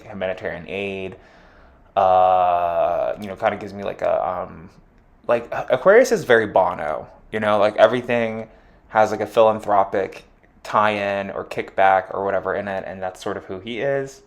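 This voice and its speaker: A man giving a casual solo astrology chart reading, rambling with lots of fillers and offhand jokes. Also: fairly low pitch. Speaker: astrology reader.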